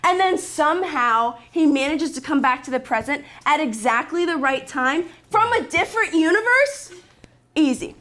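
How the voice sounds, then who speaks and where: Woman comic presenter, brash and profane, high bright pitch, punchy rant. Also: lively intonation, moderate pace. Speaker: comedy segment presenter.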